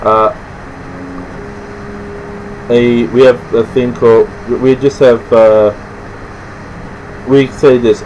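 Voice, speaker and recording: This is an Australian man with an ordinary mid-range voice, explaining things off the cuff. He halts often, restarting sentences and filling pauses as he goes. His talk stays loose and rambling, never scripted. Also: medium pitch, level tone, darkish tone, slight background noise, poor audio. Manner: halting, rambling, many restarts and fillers. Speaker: presenter explaining slang. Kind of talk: casual unscripted explanation to camera.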